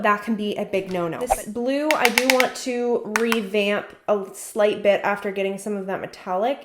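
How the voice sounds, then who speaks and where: A woman's voice: mid-range voice, a little hiss or hum. A woman chatting enthusiastically through a casual makeup tutorial as a beauty vlogger, talking while she works. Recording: echoey room.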